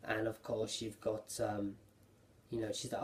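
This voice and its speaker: A man giving a casual spoken recap of an anime episode, rambling and excitable, with lots of fillers and restarts. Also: lowish voice, measured pace. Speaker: anime reviewer.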